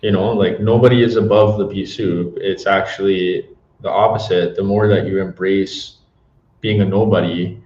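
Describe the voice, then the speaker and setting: A young adult man with a Canadian accent, a podcast guest talking in a reflective, unhurried way and slowing down to pick his words. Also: deep voice, steady tone, darkish tone, roomy sound, muffled recording. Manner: reflective, slows down to choose words. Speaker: guest author and coach. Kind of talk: casual podcast conversation.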